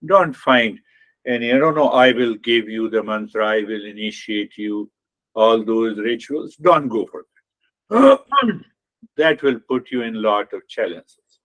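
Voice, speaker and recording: As a meditation teacher, a man gives a spiritual talk, explaining things unhurriedly and repeating key phrases. His voice is on the low side, a bit bright, with lively intonation.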